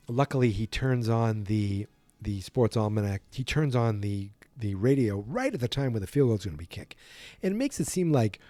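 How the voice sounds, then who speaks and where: A man's voice: medium pitch, warm tone, no room sound. A man hosting a podcast, retelling a film from memory in a rambling, self-correcting way and yawning as he goes. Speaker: podcast host.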